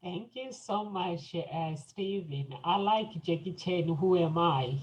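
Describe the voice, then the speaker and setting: A woman's voice: on the low side, slow pace, a little mellow, lo-fi sound. Chatty woman hosting a talk show. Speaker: host. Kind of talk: panel talk show chat.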